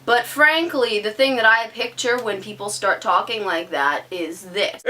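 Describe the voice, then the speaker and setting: A woman's voice: mid-range voice, a little slow, few pauses, pushed and bright, far from the mic. A teenage girl ranting to camera in an indignant, sarcastic, emphatic way. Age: teens. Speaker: vlogger.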